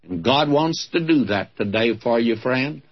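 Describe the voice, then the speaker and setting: A man's voice: medium pitch, lively intonation, a little slow, husky, muffled recording. A man with a Southern American accent preaching a radio Bible sermon, fervent and exclamatory, calling his listeners friends.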